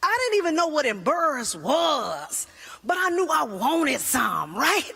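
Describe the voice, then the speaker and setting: High-voiced woman doing stand-up. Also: a little slow, gravelly. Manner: animated storytelling with voices. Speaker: stand-up comedian. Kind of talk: stand-up comedy routine.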